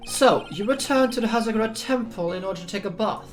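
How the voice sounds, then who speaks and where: A woman's voice: fairly high pitch, quick pace, soft background music, lightly acted. Woman putting on a hearty older nun. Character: chatty older nun with a bad back, jolly and teasing. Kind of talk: dramatic reading of game dialogue.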